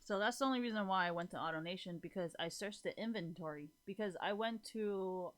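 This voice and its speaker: A woman's voice: medium pitch, fairly quick. A woman in her twenties ranting casually to her viewers, profane and rambling, with "like" in nearly every sentence. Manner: profane, rambling, says "like" constantly. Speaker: vlogger.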